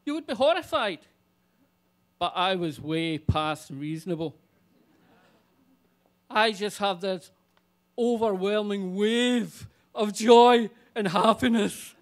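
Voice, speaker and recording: A man telling a comic personal story live on stage, animated and swearing freely. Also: sits high, slow, pauses often.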